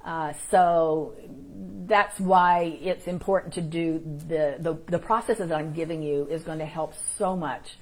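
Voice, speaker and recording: A woman's voice: deep voice, a little slow. Encouraging woman hosting a spiritual stream. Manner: informal and encouraging, greets viewers in the chat by name. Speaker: spiritual teacher and host. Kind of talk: live-streamed spiritual teaching.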